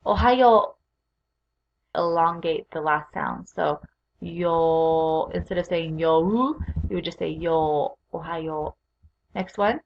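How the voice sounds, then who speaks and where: A woman teaching a recorded beginner language lesson, speaking clearly and patiently as she leads repeat-after-me drills. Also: on the low side, highs cut off. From Utah.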